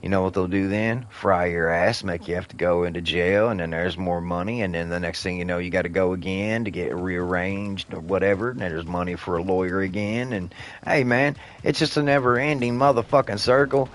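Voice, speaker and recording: A man's voice: deep voice, fairly even intonation, fairly quick. A man giving heated, profane, rambling commentary while he plays a video game. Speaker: gaming streamer.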